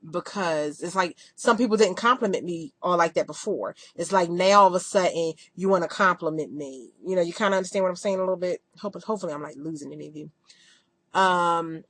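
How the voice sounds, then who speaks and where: A woman's voice: fairly low pitch, no echo. A woman in her thirties chatting candidly to the camera in a rambling video diary. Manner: chatty and candid, quick rambling talk with fillers. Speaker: vlogger.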